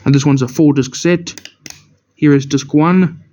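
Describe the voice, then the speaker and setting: A man's voice: a little high, steady tone, a little slow, a little hiss or hum. A young man casually showing off his DVD collection, rambling and correcting himself as he stumbles over words. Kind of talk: casual show-and-tell narration. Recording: dull lo-fi camera audio.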